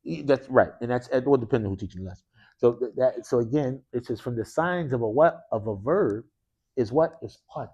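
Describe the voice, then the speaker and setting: A man's voice: medium pitch, brisk, a little mellow, husky, muffled recording. A man teaching an Arabic grammar class in a mosque classroom. He speaks with energy, keeps quizzing his students with "what?" prompts and drops casual slang.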